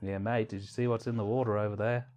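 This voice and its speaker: A man's voice: lowish voice, little pitch movement, quick pace, a little mellow, natural voice. A man doing a put-on Australian accent as a casual bloke pointing something out in the water. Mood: laid-back.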